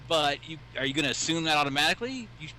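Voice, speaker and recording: A man's voice: a little high, lively intonation, racing, bright, forceful tone, low-quality recording. A man co-hosting a casual chat, emphatic and swearing, often repeating words as he argues.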